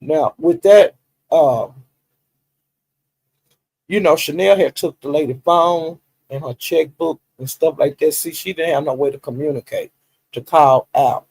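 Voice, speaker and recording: A man with a gravelly, slightly raised voice tells gossip on a livestream. He chats loosely, laughs often and acts out the quotes. His voice sits close and dry on the mic, with no room sound. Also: fairly high pitch, unhurried, no room sound, poor audio. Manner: animated, laughing storyteller who acts out quotes. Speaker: livestream commentator. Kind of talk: casual gossip commentary.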